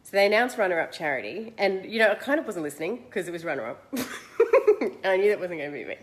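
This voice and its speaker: An Australian woman in her forties, hosting and telling a personal story in a chatty, animated, self-mocking way. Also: on the low side, fast talker. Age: 40s. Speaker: host.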